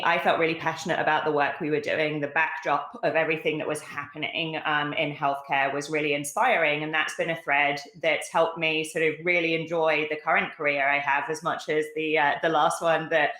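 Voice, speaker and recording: A woman's voice: deep voice, a bit bright, roomy sound. A middle-aged woman from London with a British accent, speaking as a guest on a video call, articulate with many fillers. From London, England. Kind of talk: casual interview talk.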